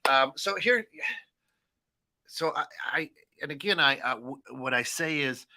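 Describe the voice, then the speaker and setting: An American man co-hosting a casual internet radio talk show, talking in halting bursts with many fillers and restarts, often laughing. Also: fairly high pitch, lively intonation, sharp tone, no room sound, clean studio sound. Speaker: co-host.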